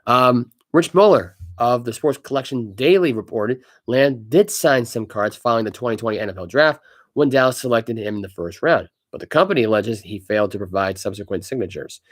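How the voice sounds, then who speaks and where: Man, sports podcast co-host, casual talk, ranting, average pitch. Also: fairly quick. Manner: ranting, animated, reads news aloud with stumbles.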